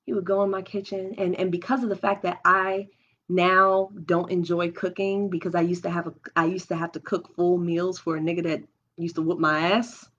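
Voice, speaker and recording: This young livestream host, broadcasting from home, shares her experiences candidly and emotionally, thinking aloud and starting over many times. Her voice is on the low side and flat, fairly bright in tone, at a moderate pace. The audio is dull and lo-fi.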